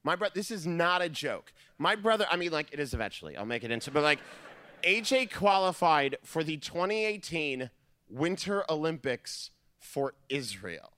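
A man performing a stand-up comedy set, telling family stories in an animated way and acting out their voices. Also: a little high, moderate pace, no echo. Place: theater stage.

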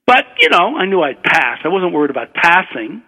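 An older man from Brooklyn, a physician and author, telling a relaxed, wry anecdote. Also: sits high, brisk. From Brooklyn, USA. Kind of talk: anecdotal storytelling. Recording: dull radio broadcast, long reverb.

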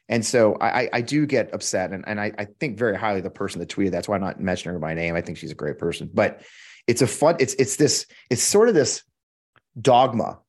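His voice is fairly low with a darkish tone. He's a middle-aged American podcast host from the United States, ranting profanely about politics and hammering his points through repetition.

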